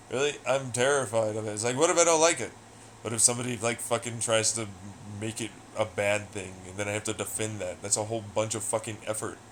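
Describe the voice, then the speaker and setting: A man's voice: fairly low pitch, a little hiss or hum, poor audio. A young man chatting casually on a livestream, rambling and swearing a lot in a sardonic tone. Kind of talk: casual stream chat.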